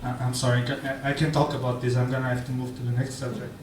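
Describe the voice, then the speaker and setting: A man's voice: mid-range voice, level tone, fast talker, very noisy. A man performing a live stand-up set in a bar, hesitant with stammering restarts. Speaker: stand-up comedian. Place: bar stage, indoors. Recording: roomy, distant mic, faint ambience.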